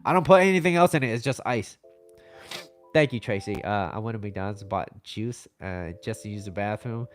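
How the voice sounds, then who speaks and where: A man's voice: on the low side, moderate pace. A young man from the United States chatting casually on his livestream, rambling through stories and reading out viewer comments. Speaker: livestream host.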